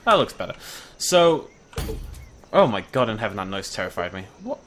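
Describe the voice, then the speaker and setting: A man giving excitable, chatty gameplay commentary and talking to the animals on screen. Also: fairly low pitch, normal speed, pauses often, slight background noise. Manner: excitable, chatty, talks to the creatures. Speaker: gaming YouTuber. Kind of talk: game commentary.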